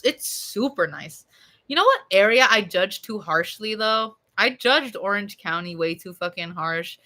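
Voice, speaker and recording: A young woman streaming and chatting with viewers in a loose, rambling way, full of swearing and fillers, her voice a bit hoarse from being sick. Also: mid-range voice, expressive, unhurried, pushed and bright. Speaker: streamer answering chat. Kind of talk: casual rambling chat.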